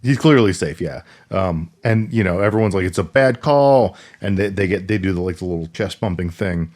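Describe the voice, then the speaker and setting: A deep-voiced man co-hosting a casual podcast, walking through a film's plot. He rambles and restarts often, filling his pauses with ums and uhs. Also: a little mellow. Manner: rambling, halting retelling with many fillers and restarts. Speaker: podcast co-host. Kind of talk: casual chat recapping a film.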